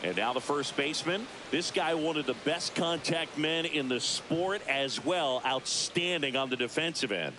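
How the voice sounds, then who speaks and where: A man voicing a brisk, upbeat play-by-play announcer in a baseball video game, with a polished broadcaster delivery. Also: on the high side, background noise, close to an everyday voice. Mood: calling play.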